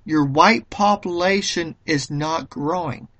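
Slow, halting speaker with many pauses. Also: mid-range voice, a bit bright. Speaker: political commentator. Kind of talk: monologue reading and commenting on an article.

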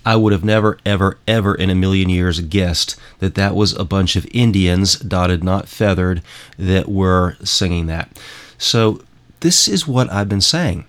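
Male host, lowish voice, rambling and emphatic, casual monologue between songs. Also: measured pace, fairly bright tone. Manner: rambling, emphatic, repeats himself. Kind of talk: casual monologue playing music clips.

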